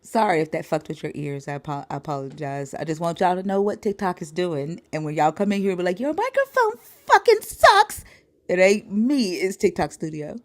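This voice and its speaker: A woman's voice: sits low, a little fast, few pauses, darkish tone. A woman hosting a live stream in casual chat, blunt and swearing freely, with an easy laugh. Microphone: streaming microphone. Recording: long reverb on the mic.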